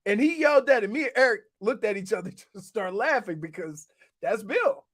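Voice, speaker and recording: A man co-hosting a sports talk radio show, a former pro football player who tells lively locker-room stories and laughs a lot. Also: high-pitched, a little fast. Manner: animated storyteller, laughs a lot.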